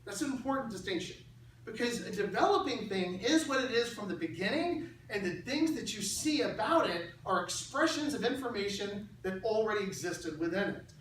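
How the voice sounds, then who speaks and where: A middle-aged man gives an animated, persuasive lecture in a large church hall. He talks conversationally and circles back to key phrases for emphasis. The sound is distant and heavily echoed, with a faint hum of noise underneath. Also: high-pitched, normal speed. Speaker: speaker.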